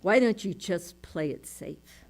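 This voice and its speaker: A woman's voice: fairly low pitch, lively intonation, slow, exaggerated voice. A woman voicing a harsh, nagging female inner critic who scolds and mocks in a raised voice. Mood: scornful. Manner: scolding, mocking put-downs.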